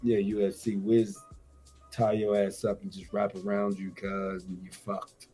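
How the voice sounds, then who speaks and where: A man's voice: on the low side, completely flat delivery, a little slow, warm tone, soft background music. A man on a radio show, bragging loosely about his fighting and betting, with rambling slang and swearing. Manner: boastful, rambling, profane slang. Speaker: radio guest. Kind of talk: boastful casual chat.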